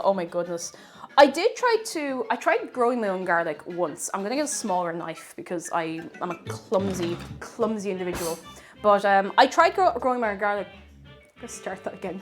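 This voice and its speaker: A young woman with a Tipperary Irish accent, chatting casually with her livestream chat while she cooks, giggling and greeting viewers. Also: mid-range voice. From Tipperary, Ireland. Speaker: cooking streamer.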